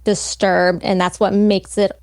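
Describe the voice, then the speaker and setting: Woman with a gravelly, dry voice. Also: medium pitch, level tone, a little mellow, no echo. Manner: reads quotes from the book slowly and deliberately. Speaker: podcast co-host. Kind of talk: casual book discussion with read-aloud passages.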